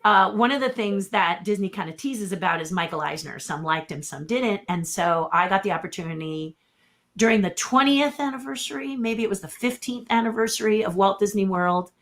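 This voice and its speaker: A woman's voice: medium pitch, lively intonation, fairly quick, fairly bright tone. A middle-aged woman who is a puppeteer, telling stories as a guest in a casual interview. She acts out quotes and laughs often.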